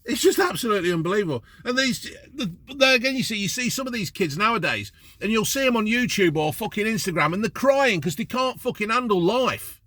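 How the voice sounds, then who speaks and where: Man, high bright voice, blunt sweary rant, dry sound in a parked car. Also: expressive, brisk, few pauses, no room sound. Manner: blunt, heavy swearing, exasperated. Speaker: vlogger. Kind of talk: ranting to camera.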